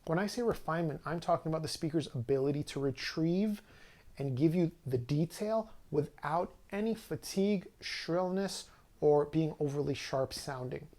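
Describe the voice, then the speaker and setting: A man's voice: fairly high pitch, normal speed, darkish tone. A man giving a casual, conversational product review to camera, speaking loosely with frequent fillers and restarts. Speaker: audio equipment reviewer.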